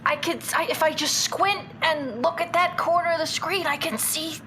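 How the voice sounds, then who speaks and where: A woman's voice: very high-pitched, moderate pace, sharp tone, slight background noise. A woman making playful, laughing asides while friends play a game on stream. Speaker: stream co-host. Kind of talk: casual group banter over a game.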